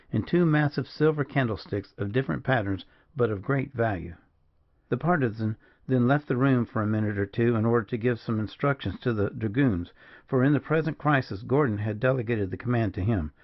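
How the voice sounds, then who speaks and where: A man's voice: mid-range voice, muffled recording. Man narrating a classic audiobook. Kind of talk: scripted narration.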